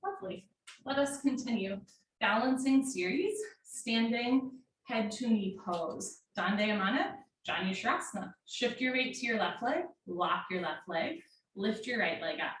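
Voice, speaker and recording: A woman teaching a live yoga class from home, calling out poses in steady, directive short commands. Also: fairly high pitch, a little slow. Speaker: yoga instructor. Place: home room. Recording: very echoey room, mic far off, faint noise.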